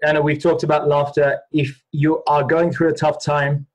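A man's voice: a little high, level tone, normal speed, low-quality recording. A man hosting a casual interview in a playful, chatty manner. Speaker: host.

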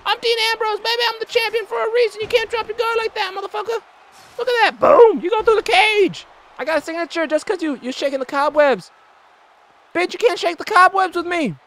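A man's voice: very high voice, brisk, voice pushed up. A man voicing a cocky, trash-talking male wrestling champion, taunting and swearing in character. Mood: boastful, taunting. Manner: taunting, profane, boastful shouting. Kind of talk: in-character trash talk over gameplay.

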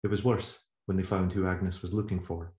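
A man, the author, reading aloud from his novel in a measured, steady voice. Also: low-pitched. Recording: roomy echo.

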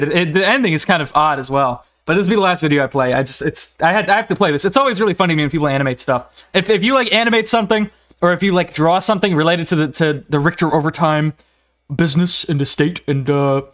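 A man's voice: fairly high pitch, a bit bright. A young man streaming a game, rambling in casual, profane talk, often restarting sentences and laughing between words. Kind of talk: casual live-stream gaming commentary.

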